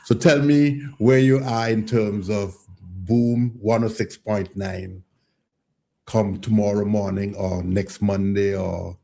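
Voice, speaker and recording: A man's voice: fairly low pitch, fairly even intonation, slow, gravelly, warm tone. A man hosting a radio interview, searching for words and restarting his questions. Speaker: radio host.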